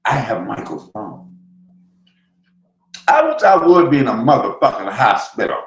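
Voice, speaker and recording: A man's voice: mid-range voice, fairly bright tone, roomy sound, rough recording. A man hosting a stream, delivering a vulgar roast rant full of repeated taunts and insults. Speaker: streamer host.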